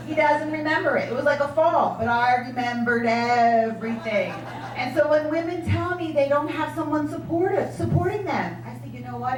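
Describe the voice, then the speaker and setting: A woman sales director telling her story in a motivational speech, animated and acting out the voices of people she quotes. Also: sits high, normal speed, slight background noise. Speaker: sales director giving a talk. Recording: echoey room from far off.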